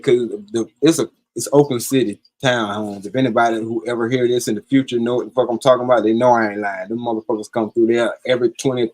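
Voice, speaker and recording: A man telling a personal story in casual, profane talk on a live stream, acting out the lines of the people in it. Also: medium pitch. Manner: profane, animated, acts out quoted dialogue.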